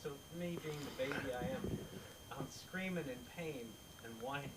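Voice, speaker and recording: A man in the audience at a comedy club, a doctor, chatting casually and telling a story in a hesitant, then lively way. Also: a little high, normal speed, far from the mic, heavy background noise. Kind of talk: casual anecdote from the crowd.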